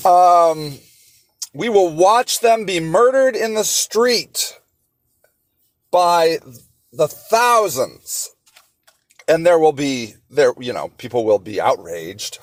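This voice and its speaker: Guy ranting slowly on his own podcast, kinda high voice, sarcastic questions, lots of ums. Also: big pitch swings, dry recording. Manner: impassioned, sarcastic rhetorical questions; halting, many fillers and restarts. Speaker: podcast host. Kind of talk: solo podcast monologue.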